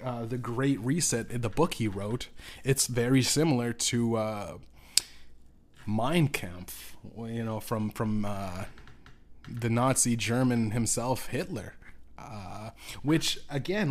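A man hosting his own podcast, talking in a loose, rambling monologue full of restarts and swearing. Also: mid-range voice. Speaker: podcast host.

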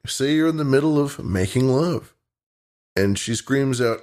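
A man's voice: mid-range voice, animated, a little slow, darkish tone. A young man co-hosting a podcast, laid-back and joking in casual chat. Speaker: podcast co-host.

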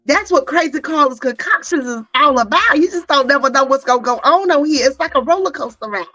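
A woman's voice: sits high, animated, fairly quick, sharp tone. A woman hosting a casual live-stream interview, exuberant and chatty, greeting viewers by name. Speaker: podcast host. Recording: dull lo-fi audio with faint music.

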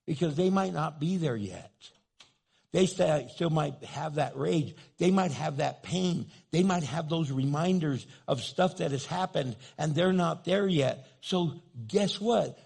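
A man's voice: on the high side, measured pace, gravelly, darkish tone, husky. A male pastor preaching a sermon in a storytelling, self-mocking way, acting out little dialogues.

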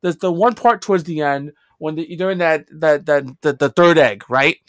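A man's voice: a little high, normal speed, dry recording, clean studio sound. A young man co-hosting a casual podcast, picking apart a movie bluntly and swearing often. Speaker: podcast co-host. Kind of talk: casual movie-review chat.

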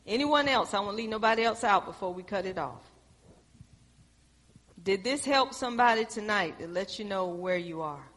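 A woman's voice: mid-range voice, animated, moderate pace, fairly bright tone. Woman, Bible study leader, rhetorical questions, reverberant hall. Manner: asks the group rhetorical questions. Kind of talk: preaching to a group.

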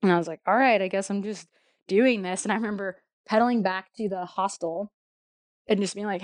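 A woman's voice: medium pitch, quick pace, no room sound, clean studio sound. A woman telling a travel story in a casual, chatty way, full of fillers and laughter.

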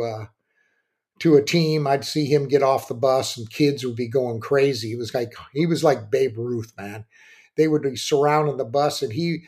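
An older man, a former pitcher and coach, telling rambling stories on a podcast with plenty of restarts and fillers. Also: a little mellow. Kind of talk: casual storytelling.

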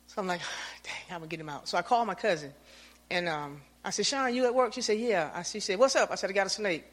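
A woman telling a lively, anecdotal testimony to her church, acting out the lines she and others said. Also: mid-range voice, quick pace, long reverb tail. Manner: lively storyteller, acts out her own lines. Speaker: church member giving testimony.

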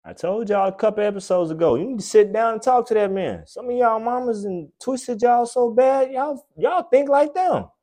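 A man hosting a podcast, delivering a blunt, profane, preachy comedic rant that swings between loud outbursts and low mutters. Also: a little fast, few pauses. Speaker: podcast host.

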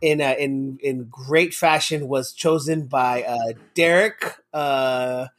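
A man's voice: mid-range voice, steady tone, slow pace, a bit bright. A man hosting a casual podcast chat, rambling and swearing often and going off on tangents. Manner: rambling, profane, goes off on tangents. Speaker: podcast host.

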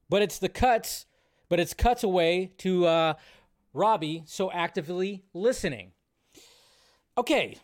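A man hosting a live film news show, giving animated, sarcastic commentary and ranting as he goes. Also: sits high, normal speed.

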